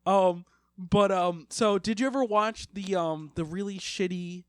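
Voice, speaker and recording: A man's voice: high-pitched, a little slow, smooth, no echo, studio quality. A young man from Maryland co-hosting a casual podcast, joking, swearing and laughing often. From Maryland, USA. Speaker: podcast co-host. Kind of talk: casual chat.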